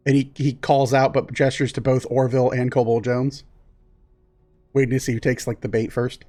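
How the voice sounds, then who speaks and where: A man narrating as game master in a tabletop game, casual and relaxed. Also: medium pitch, moderate pace, soft background music.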